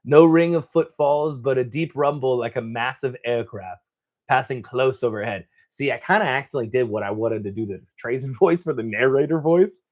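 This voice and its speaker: A man's voice: mid-range voice, brisk, a little mellow. A man hosting a gaming channel, casually reading a novel aloud, stumbling over words and breaking off with joking asides.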